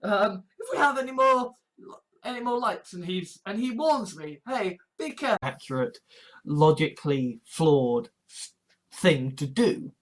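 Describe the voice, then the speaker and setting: A man's voice: high voice, expressive, a little slow. Blunt, ranting man. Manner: blunt, swearing, emotional. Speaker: online preacher. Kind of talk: ranting monologue.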